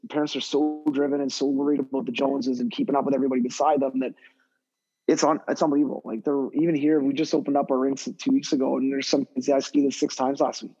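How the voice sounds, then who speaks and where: Rambling, fast-talking hockey coach on a dull line. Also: male voice, mid-range voice, breathy edge. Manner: rambling, animated, many fillers and restarts. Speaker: guest skill development coach. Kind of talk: casual podcast conversation.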